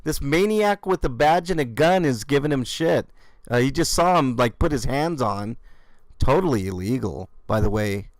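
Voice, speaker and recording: Male host, mocking and profane, dry close sound, mid pitch. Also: lively intonation, moderate pace, no room sound. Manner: sarcastic, mocking, swears freely. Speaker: YouTube channel host reacting to police video. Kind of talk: casual commentary reaction.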